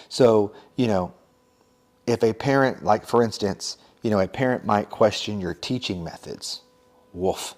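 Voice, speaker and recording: Casual, lowish-voiced man giving advice. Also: a little slow, a little mellow. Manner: conversational, many fillers and asides. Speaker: teacher and podcast host.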